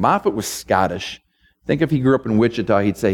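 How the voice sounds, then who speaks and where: A man's voice: fairly low pitch, expressive, fairly quick. A male pastor delivering a sermon and prayer, building emphatic, repetitive rhetorical runs.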